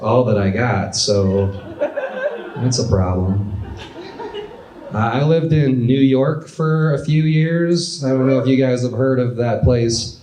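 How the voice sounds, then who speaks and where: A young man in his twenties doing a stand-up comedy set with a dry, deadpan delivery in a club. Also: mid-range voice, slow, noisy background. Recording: echoey club with audience laughter. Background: crowd laughter.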